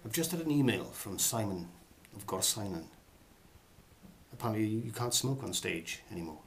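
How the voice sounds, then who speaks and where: A man's voice: fairly low pitch, animated, normal speed, creaky, fairly bright tone, slight background noise. A middle-aged man hosting a comic monologue of acting advice, rambling and hesitant with a theatrical flair.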